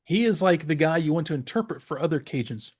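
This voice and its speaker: A man from the Southeastern US chats casually on a podcast, rambling and circling back through fillers. His voice sits a bit higher than most men's. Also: lively intonation, fast talker, breathy edge. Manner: rambling, many fillers and restarts. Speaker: podcast co-host. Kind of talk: casual chat.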